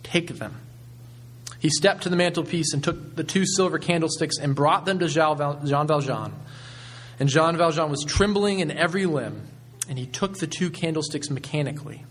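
A man preaching a sermon as pastor, retelling a story in a measured way with frequent ums. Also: a little high, a bit bright.

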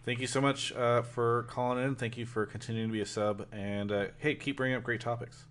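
A man hosting a call-in podcast, telling stories in a lively, casual way. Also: medium pitch, a little fast, slight background noise. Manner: animated storytelling, swears casually. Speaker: podcast host. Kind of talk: casual chat.

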